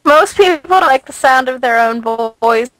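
A woman's voice: high voice, expressive, normal speed, fairly bright tone, no room sound, poor audio. A woman chatting matter-of-factly on a podcast panel. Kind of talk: casual chat.

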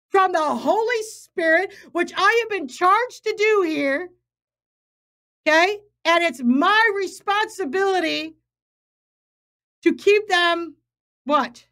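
Her voice sits very high and bright as she preaches to a livestream audience. She is a woman minister and faith coach, emphatic and urgent, who repeats phrases to drive each point home.

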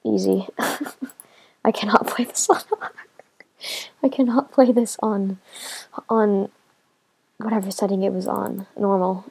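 Excitable woman with a gravelly, husky voice. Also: medium pitch, slow, pauses often. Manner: excitable, talks to herself while playing. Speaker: gamer. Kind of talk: casual gameplay commentary.

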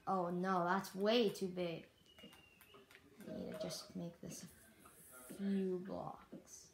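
A young Canadian speaker giving rambling, apologetic let's-play commentary while building in a survival game. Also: female voice, fairly low pitch, flat delivery, slow pace. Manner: rambling, self-deprecating, apologetic. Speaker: gaming YouTuber. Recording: echoey room with faint noise.

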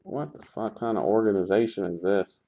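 A man's voice: fairly low pitch, moderate pace, narrow, tinny audio. A man hosting a live sports card break, calling out pulls in a sarcastic, grumbling, profane way.

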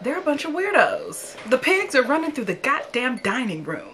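A young woman reacting to a horror movie, animated, swearing and talking back at the screen. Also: sits high, moderate pace, a little hiss or hum. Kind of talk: casual movie reaction commentary.

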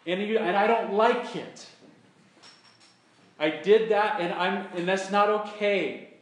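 A man's voice: high voice, slow, echoey room. A man preaching a sermon as a pastor, earnest, repeating his key points and acting out sample apologies. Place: church sanctuary.

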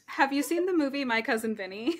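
Bubbly, high-voiced woman guest. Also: lively intonation, fast. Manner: bubbly and giggly. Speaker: podcast guest. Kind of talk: casual book chat. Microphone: remote recording software.

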